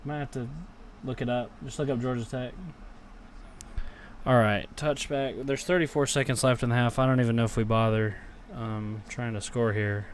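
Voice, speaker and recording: A man's voice: mid-range voice, fairly even intonation, normal speed, a little hiss or hum. A young man reacting live to a football game, grumbling and cursing at his team and then erupting into cheers on big plays. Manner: frustrated, swears, talks back to chat.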